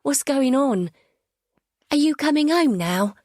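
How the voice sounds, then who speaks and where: Woman doing a high, eager young boy for a storybook; urgent, anxious, talks in a rush. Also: animated, a little mellow, dry recording, clean studio sound. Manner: urgent, rushed questions.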